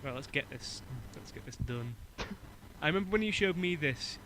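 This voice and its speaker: A man's voice: a little high, expressive, normal speed, bright, forceful tone, slight background noise, poor audio. A man from Germany co-hosting a casual podcast chat over a voice call, rambling with many fillers and restarts and laughing often. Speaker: podcast co-host.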